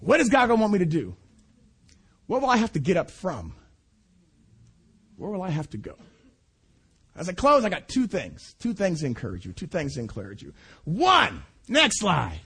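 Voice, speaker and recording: A middle-aged man preaching a sermon and telling a personal story, animated, repeating himself and laughing between phrases. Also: high voice, normal speed, pauses often, husky. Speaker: preacher at a student conference.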